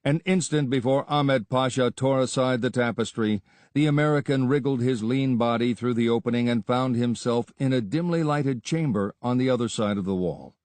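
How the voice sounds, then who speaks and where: A man reading an adventure story aloud as narrator, in a steady, measured storytelling manner. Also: medium pitch, no echo. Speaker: audiobook narrator. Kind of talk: scripted narration.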